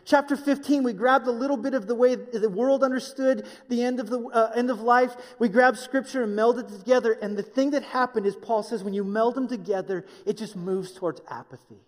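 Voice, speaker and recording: High-voiced animated male preacher in a hall. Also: brisk, few pauses. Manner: animated, acts out voices of others, jokey asides. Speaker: pastor. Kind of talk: sermon.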